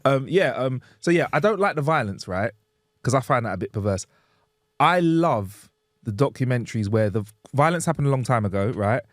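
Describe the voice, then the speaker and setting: Animated man with a lively voice. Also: medium pitch, brisk, dry recording, studio quality. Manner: animated, jokey, laughs often, slangy. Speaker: podcast co-host. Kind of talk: casual chat.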